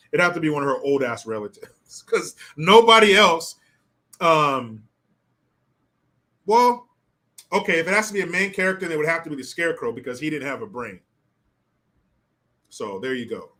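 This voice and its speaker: An older man hosting a solo commentary stream, talking in a profane, mocking and animated way. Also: on the high side. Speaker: political commentary host.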